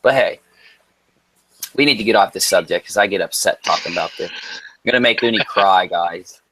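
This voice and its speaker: A man's voice: low voice, moderate pace, husky, dry recording. A man co-hosting a live stream, chatting casually in a playful, joking way. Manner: joking, playful, animated storytelling. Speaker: co-host.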